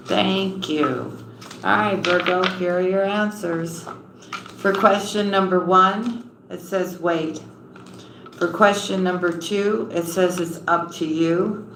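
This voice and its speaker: A woman reading tarot on a live stream and warmly greeting viewers, calling them honey and sweetheart. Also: fairly low pitch, steady tone, takes it slowly, noisy background. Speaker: tarot reader. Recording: roomy echo with faint ambience.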